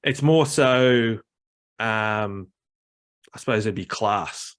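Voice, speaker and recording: A man's voice: on the low side, takes it slowly, a bit bright, clean tone. An Australian man chatting casually, rambling with lots of fillers as he explains things. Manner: rambling, many fillers, mimics other accents. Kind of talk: casual chat.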